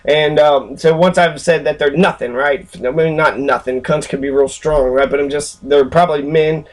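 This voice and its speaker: A man's voice: on the high side, fairly even intonation, moderate pace. A man ranting angrily and profanely while he walks through a screen recording, rambling and full of fillers, with a sarcastic, mocking edge. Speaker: channel host. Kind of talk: angry screen-recorded rant.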